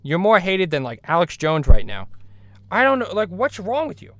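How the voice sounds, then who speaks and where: A man's voice: high-pitched, huge pitch swings, normal speed, no echo. A man hosting an improvised comedy chat, talking in a rambling, crude way with lots of restarts. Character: host calling himself a cartoon baby. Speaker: host.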